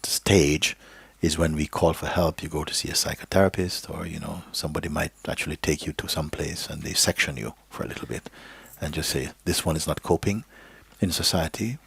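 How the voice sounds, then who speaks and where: A very low, husky male voice giving a live spiritual teaching to an audience. He talks slowly and gently, sometimes sinking into a soft whisper. The sound is dry and close, with little room around it. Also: fairly even intonation, dry recording. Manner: slow, gentle, drifting into a soft whisper at times; checks in with listeners with "okay?" and "you see?". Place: live gathering hall.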